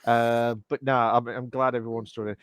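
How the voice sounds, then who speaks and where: A man's voice: mid-range voice, flat delivery, moderate pace, clear, resonant tone, no echo, clean studio sound. A man co-hosting a casual podcast, teasing and playful, often saying to be fair. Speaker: co-host.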